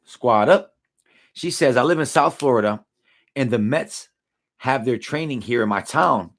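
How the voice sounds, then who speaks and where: A man's voice: medium pitch, lively intonation, measured pace, a bit bright. A man, hosting a casual live stream and reading out viewer comments in laid-back, slangy banter. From Buffalo, New York. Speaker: livestream host reading chat.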